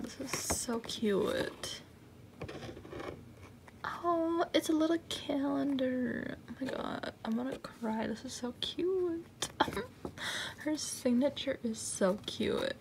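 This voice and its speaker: A young woman in a casual unboxing chat, excited and gushing, often dropping to a whisper. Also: on the high side, vocal fry, slight background noise. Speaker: unboxing vlogger. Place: room at night, indoors.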